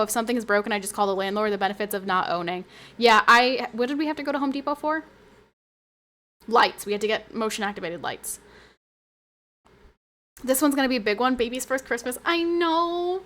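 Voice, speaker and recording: A woman livestreamer chats casually with her viewers and reads their messages aloud. She's animated and giggly, breaking into sudden high squeals.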